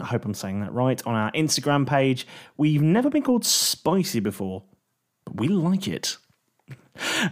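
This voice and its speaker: A British man narrating a tabletop game as dungeon master and host, with lively, cheerful storytelling. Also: mid-range voice. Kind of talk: tabletop game narration and podcast shout-outs.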